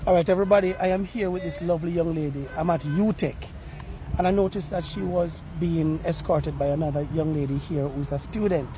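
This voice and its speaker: A Jamaican street reporter speaks outdoors on a university campus over music, earnestly pleading with viewers on the spot and slipping into patois. His voice is on the high side, with fairly even intonation and a fairly quick pace.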